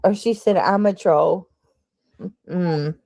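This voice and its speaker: A woman's voice: fairly low pitch, takes it slowly, mellow. A woman hosting a livestream, chatting casually and reading out her viewers' comments as she greets them. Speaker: livestream host.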